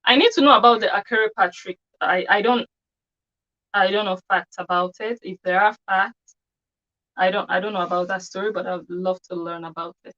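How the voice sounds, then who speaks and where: A woman's voice: mid-range voice, moderate pace, bright, forceful tone, highs cut off. A woman giving an opinionated commentary monologue on her channel, scornful and full of rhetorical questions. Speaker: commentary vlogger.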